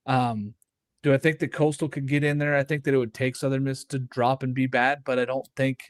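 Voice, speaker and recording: A man co-hosting a college baseball show in casual sports chat, animated, often laughing and acting out quoted reactions. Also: medium pitch, a little fast, no echo, studio quality.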